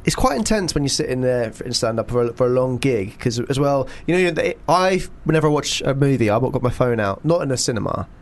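A man's voice: mid-range voice, lively intonation, fast, few pauses. A man co-hosting a radio show, joking and playfully stubborn in casual banter. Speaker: radio co-host.

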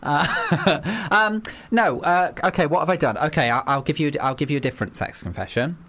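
A man's voice: animated, normal speed, fairly bright tone. Giggly man in frank chat. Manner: giggly, jumps up in pitch when laughing. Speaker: podcast co-host. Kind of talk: candid casual chat.

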